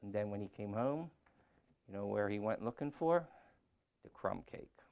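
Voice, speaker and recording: A middle-aged man preaching a sermon, shifting from quiet talk to loud scripture reading. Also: on the low side, expressive, moderate pace, gravelly, narrow, tinny audio.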